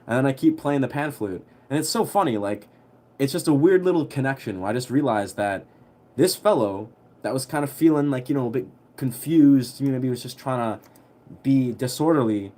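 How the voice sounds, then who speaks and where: A young man telling a story on a livestream in a relaxed, rambling way, full of fillers. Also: mid-range voice, fairly quick. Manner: rambling, heavy on fillers, laid-back.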